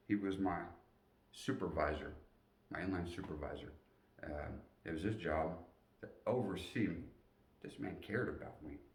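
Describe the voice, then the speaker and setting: Deep-voiced man telling a story in a roomy space. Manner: animated, acts out voices. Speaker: motivational storyteller. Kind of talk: personal storytelling. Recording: roomy echo, distant mic.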